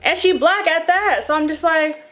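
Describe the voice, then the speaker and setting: A young woman in her twenties telling a casual storytime to her viewers, dramatic and animated, calling them y'all. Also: very high voice, moderate pace, soft background music. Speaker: vlogger.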